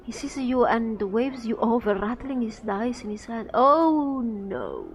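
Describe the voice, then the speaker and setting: A woman's voice: a little high, big pitch swings, unhurried, a little hiss or hum. A woman playing through a game, reading its text aloud and adding chatty, giggly comments. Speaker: game streamer.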